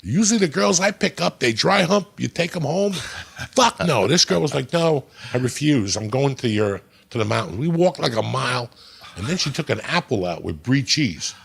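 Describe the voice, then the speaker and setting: Guy in his middle years, raspy husky voice, cussing his way thru a story. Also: mid-range voice, moderate pace. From New Jersey. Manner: profane, animated storyteller. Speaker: podcast guest. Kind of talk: casual storytelling.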